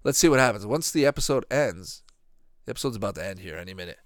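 Low-voiced rambling man reacting to cartoons. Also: fast talker, dry recording, studio quality. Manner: rambling, profane, animated asides. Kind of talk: casual reaction commentary.

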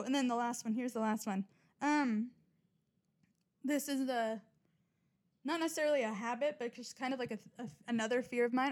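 A young woman talking casually and bluntly about her odd habits, rambling, swearing often and mocking herself. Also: fairly high pitch. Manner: rambling, blunt, frequent swearing and self-mockery. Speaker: podcast host. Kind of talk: casual confessional monologue.

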